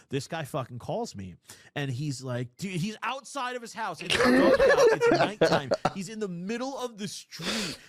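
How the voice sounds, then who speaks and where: A man in his twenties hosting a call-in stream, telling a crude story in a rambling, animated way. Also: on the high side, noisy background. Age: 20s. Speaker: call-in show host. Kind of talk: casual storytelling.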